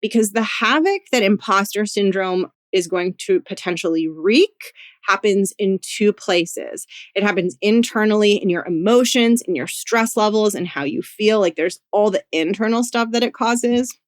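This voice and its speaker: A woman career coach hosting her own podcast, talking alone in a gentle, encouraging way, with many "like"s and "you know"s. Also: mid-range voice, normal speed, no room sound, studio quality. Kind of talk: solo podcast monologue.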